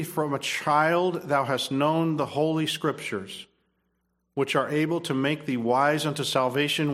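Emphatic preacher man, slightly high voice. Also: fairly bright tone. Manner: emphatic, repeats phrases, frequent restarts. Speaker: pastor. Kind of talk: sermon.

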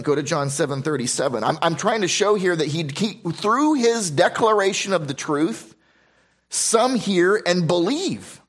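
A man delivers a sermon in a voice pitched a little high. He reads scripture aloud, then breaks off to explain it, repeating key phrases for emphasis and restarting his sentences. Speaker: pastor.

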